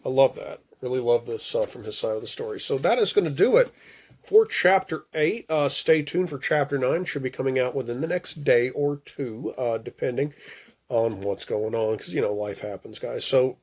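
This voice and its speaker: A man with a mid-range voice, talking casually to his viewers after a reading. He rambles a little, leaning on fillers like "uh" and "you know". His delivery is relaxed and friendly. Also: mid-range voice, normal speed. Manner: chatty, lots of fillers. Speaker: book club channel host. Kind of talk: casual audiobook reading and commentary.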